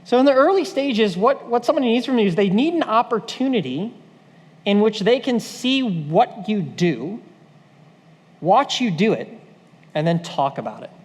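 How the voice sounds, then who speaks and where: Casual high-pitched male pastor teaching a group, lively with quoted voices, echoing in a big hall. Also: normal speed, slightly rough. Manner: conversational, animated, acts out quoted voices. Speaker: pastor leading leader training. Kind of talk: church training talk.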